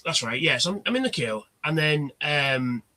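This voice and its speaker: A man with a fairly high, sharp voice hosts a casual livestream chat at a normal speed, his intonation lively. He's a chatty storyteller, sharing anecdotes and acting out the quoted exchanges.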